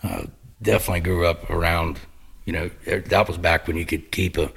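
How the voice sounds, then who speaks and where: Gravelly deep-voiced man. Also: steady tone, moderate pace, fairly bright tone. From Missouri, USA. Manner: laid-back storyteller, rambling with fillers. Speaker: guest. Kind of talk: casual podcast chat.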